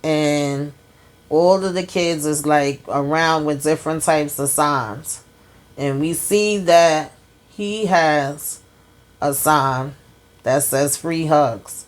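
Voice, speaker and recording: A woman with a lowish voice recaps a TV episode in a sassy, animated way. She talks straight to her viewers and keeps pulling them into her reactions. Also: slow pace. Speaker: TV episode reviewer. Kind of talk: casual recap monologue.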